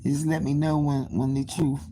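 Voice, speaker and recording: A woman hosting a casual live stream, gossiping in an animated, profane way and laughing often. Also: sits low, moderate pace. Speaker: livestream host.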